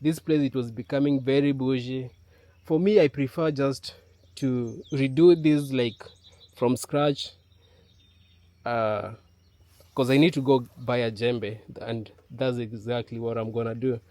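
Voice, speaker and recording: A man talking casually to his camera in an outdoor yard, halting with many fillers. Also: medium pitch, steady tone, warm tone, dry recording. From Kenya. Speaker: vlogger. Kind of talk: casual vlog talk to camera.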